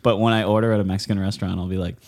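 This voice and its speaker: Podcast co-host, male, mellow and lowish, rambling and giggly. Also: fairly even intonation, racing. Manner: rambling, laughs often, many "like" fillers. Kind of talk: casual podcast chat.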